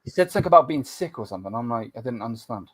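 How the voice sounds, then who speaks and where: A young man in a loose podcast chat whose voice swings up and down with lively, animated intonation. He teases the others, swears casually and breaks into laughter easily. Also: mid-range voice, very fast, a crowd in the background. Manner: teasing, laughs a lot, sweary.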